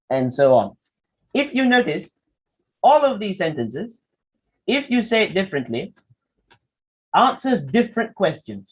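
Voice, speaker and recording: A man's voice: sits high, sing-song, measured pace, long pauses, husky. A man giving a public speaking workshop, demonstrating with his voice and asking the audience questions. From Malaysia. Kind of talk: workshop lecture.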